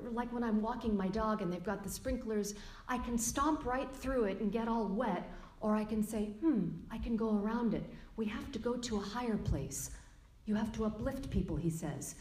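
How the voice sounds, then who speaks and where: A middle-aged woman giving a lecture as a yoga teacher, earnest and emphatic, drawing out key words slowly. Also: medium pitch, darkish tone. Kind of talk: spoken lecture quoting a teacher. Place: yoga studio room. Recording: echoey room.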